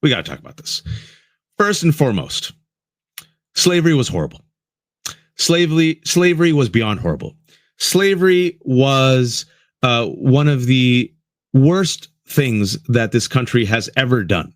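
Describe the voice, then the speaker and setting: A man's voice: medium pitch, very animated, measured pace, dry recording, studio quality. A man hosting a political commentary show, talking with passion and often calling his listeners "folks". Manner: impassioned, addresses listeners as folks. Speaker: host.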